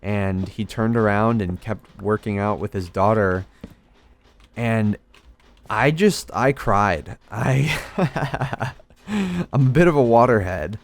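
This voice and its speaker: A man's voice: lowish voice, lively intonation, slow, pauses often. A young man rambling through a story while playing a game, hesitant and self-deprecating. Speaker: gaming video creator. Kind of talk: casual storytelling over gameplay.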